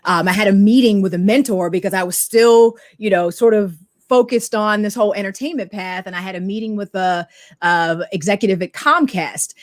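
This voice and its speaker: A middle-aged woman guest telling her career story in an animated way, acting out the voices in her anecdotes. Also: mid-range voice, fairly quick, no room sound, clean studio sound. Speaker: guest, technology media expert. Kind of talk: storytelling interview talk.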